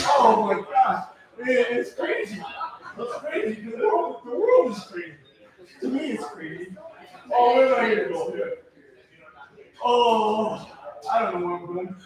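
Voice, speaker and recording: A man doing a first-time stand-up comedy set at an open mic, loud and rowdy, often laughing at his own jokes. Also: very high-pitched, expressive, measured pace, a crowd in the background. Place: comedy club stage. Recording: echoey room from far off, audience noise.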